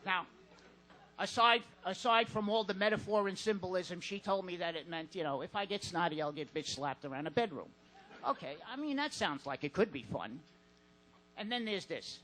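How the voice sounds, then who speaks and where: High, bright-voiced deadpan comic man. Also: low-quality recording. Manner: deadpan, halting with fillers. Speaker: stand-up comedian. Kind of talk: stand-up set. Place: comedy club stage.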